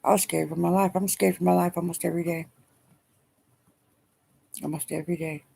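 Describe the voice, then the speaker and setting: A middle-aged woman speaking haltingly and wearily in a personal video diary, emotional as she talks. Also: fairly low pitch, steady tone, creaky, dark tone, breathy edge. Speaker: vlogger.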